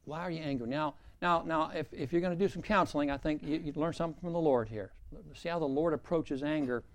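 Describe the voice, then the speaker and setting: A man's voice: a little high, a little fast. A man preaching a sermon as a pastor, emphatic and repeating key phrases for weight.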